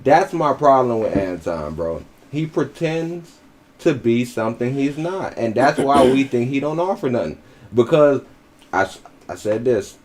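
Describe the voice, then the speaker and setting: A man's voice: mid-range voice, animated, a little slow, darkish tone. A man giving blunt, profane, mocking commentary as a podcast co-host. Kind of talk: casual commentary.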